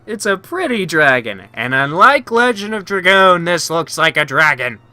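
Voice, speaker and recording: Bright, lively man commenting on a game. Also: on the high side, moderate pace, no echo. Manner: chatty, wry asides to himself. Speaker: let's play host. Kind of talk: casual gameplay commentary.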